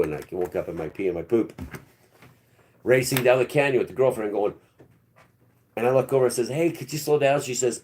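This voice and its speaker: A man's voice: medium pitch, fast talker, darkish tone. A man hosting a live stream, telling a long personal story in a rambling, blunt, earthy way.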